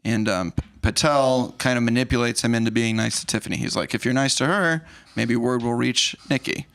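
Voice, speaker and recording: A podcast host with a gravelly voice walks through a film in a casual chat. He retells it scene by scene and slips into the characters' lines as he goes. His voice sits at an average pitch. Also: fairly quick. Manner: animated retelling, acts out lines. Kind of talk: casual movie recap.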